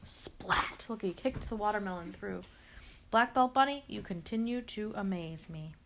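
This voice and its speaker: A woman's voice: medium pitch, normal speed, slight background noise. A woman reading a picture book aloud, talking playfully to the character and adding sound effects. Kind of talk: expressive read-aloud to a character.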